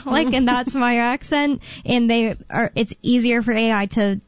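Chatty high-voiced woman radio host. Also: a little slow, no echo. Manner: rambling, thinks aloud with many fillers. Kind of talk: casual talk radio chat. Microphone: studio microphone. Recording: dull, dry studio sound.

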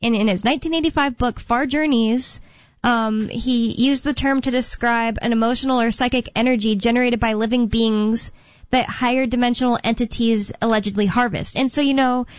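A young woman in casual chat, rambling, losing her thread and filling pauses with um and uh. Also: a little high, fairly even intonation, no echo. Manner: rambling, loses her thread, many fillers. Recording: dull, lo-fi dry sound.

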